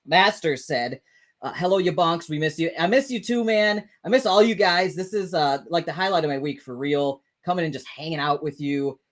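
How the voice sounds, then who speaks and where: A man's voice: on the high side, normal speed, fairly bright tone, rough recording. Man, livestream host, casual chat, rambling, self-correcting, swears freely. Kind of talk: casual live chat reading comments.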